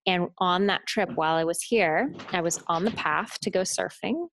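A woman in her late thirties, a guest telling a personal story with lively energy and acting out other people's voices. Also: on the low side, moderate pace, slight background noise. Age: late 30s.

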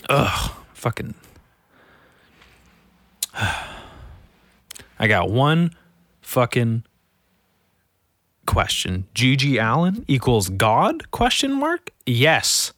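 A man's voice: medium pitch, sing-song, extremely slow, long pauses, a bit bright, dry recording, clean studio sound. A young man hosting a solo podcast, grumbling and swearing as he reads out local headlines. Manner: profane, irritable, grumbling. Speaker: podcast host.

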